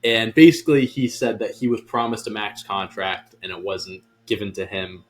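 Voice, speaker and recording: A man's voice: on the low side, fairly even intonation, moderate pace. A man co-hosting a sports podcast, talking casually and bluntly, often restarting his sentences. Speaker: podcast co-host.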